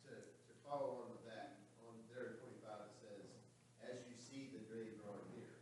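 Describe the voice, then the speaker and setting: A man with a low voice speaks up from the class, musing hesitantly. He sounds far from the mic in a very echoey room with a steady hum behind him. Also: moderate pace. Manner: hesitant, thinking aloud. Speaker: class member. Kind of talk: comment in a Bible study.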